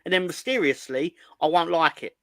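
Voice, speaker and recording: Bright, sarcastic man. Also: a little high, normal speed, no echo. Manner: deadpan, sarcastic. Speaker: regular pundit on a fan show. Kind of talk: casual banter.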